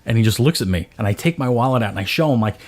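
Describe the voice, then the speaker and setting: A podcast host in his thirties tells a story in casual chat with a rapid-fire, mid-range voice. Animated, he acts out his own voice in quotes, including his own yelling.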